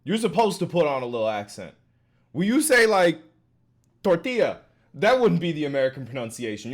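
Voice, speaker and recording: A man streaming casually, reacting to a video in loose slangy talk full of fillers and laughs. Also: medium pitch. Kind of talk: casual chat.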